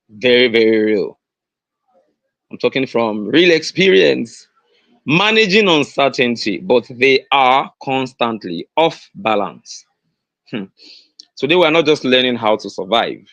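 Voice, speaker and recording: Earnest Nigerian-accented male host, unhurried delivery, repeats his points, dry recording. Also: mid-range voice, fairly bright tone, dry recording, dull audio. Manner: repeats key phrases, stressing them slowly; earnest, with many fillers and restarts. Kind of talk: motivational livestream talk.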